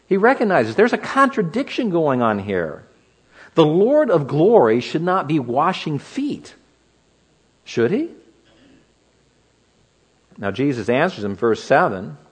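Animated male preacher. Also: a little high, slow, pauses often, slightly rough. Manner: animated, rhetorical questions. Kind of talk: expository sermon.

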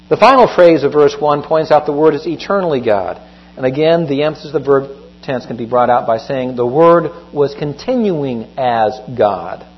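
A man preaching a sermon, teaching through a Bible passage in a measured way and stressing key phrases. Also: mid-range voice, slightly rough. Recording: dull lo-fi with mains hum.

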